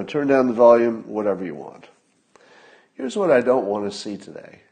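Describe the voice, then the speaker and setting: A man's voice: mid-range voice, a little mellow. A man delivering a casual spoken monologue that turns into an angry, profane rant, full of fillers and restarts. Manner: ranting, profane, escalating. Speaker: commentator.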